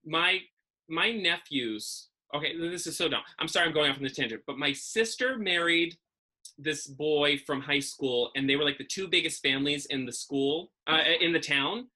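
Bright husky-voiced chatty male podcast host. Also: on the high side, normal speed. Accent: faint Massachusetts. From Massachusetts. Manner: chatty, rambling, self-deprecating. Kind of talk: casual chat.

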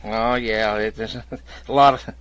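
Bright-voiced man spinning folksy yarns. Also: on the low side, steady tone, measured pace, clear, resonant tone. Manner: drawling rural dialect, acts out both sides of his stories. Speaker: guest storyteller. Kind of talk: folksy comic storytelling.

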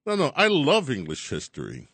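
A man hosting a talk radio show, chatting in an animated, chuckling monologue. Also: mid-range voice, normal speed, slightly rough, no room sound. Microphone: studio mic.

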